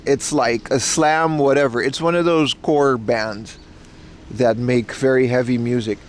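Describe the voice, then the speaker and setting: A man's voice: medium pitch, fairly even intonation, measured pace, a little hiss or hum. Laid-back man chatting on an outdoor stream. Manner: laid-back, rambling, swears freely. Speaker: livestreamer. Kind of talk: casual live-stream chat. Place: outdoors on a nature hike.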